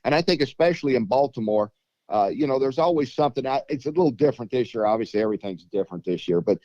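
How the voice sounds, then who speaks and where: A man with a warm, relaxed voice hosts a casual interview. He asks chatty, rambling questions and sometimes stammers at the start. The recording is dry and dull. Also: medium pitch, quick pace, no room sound. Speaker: show host. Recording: dull lo-fi audio.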